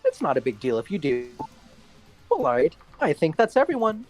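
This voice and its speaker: A woman's voice: low-pitched, very animated, moderate pace, darkish tone, faint music behind. A woman running a social deduction game as game master, announcing votes and reveals with a showy, playful delivery. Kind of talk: theatrical game hosting.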